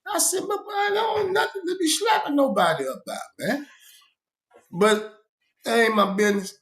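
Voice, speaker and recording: A man's voice: on the high side, roomy sound. A man telling a story in a rambling, profane, conversational monologue. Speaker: vlogger.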